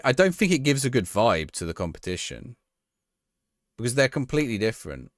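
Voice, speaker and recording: A man's voice: mid-range voice, sing-song, brisk, no echo, studio quality. A man casually chatting on a live stream as he plays a football management game, thinking aloud and talking to his chat.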